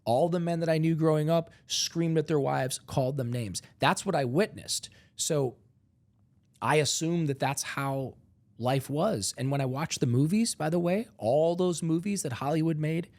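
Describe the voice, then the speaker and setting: A man's voice: fairly high pitch, moderate pace, darkish tone. A middle-aged man from Ohio, a guest telling a raw personal story with animation, acting out both sides of past conversations and stammering when emotional. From Ohio, USA. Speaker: guest, entrepreneur.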